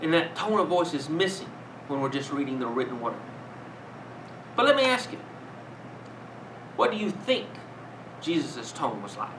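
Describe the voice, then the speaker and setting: Older guy preaching, earnest and measured, mic far off, echoey room. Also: fairly high pitch, sing-song, noisy background. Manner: earnest, measured, with rhetorical questions. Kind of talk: sermon. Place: room with a congregation. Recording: roomy, distant mic.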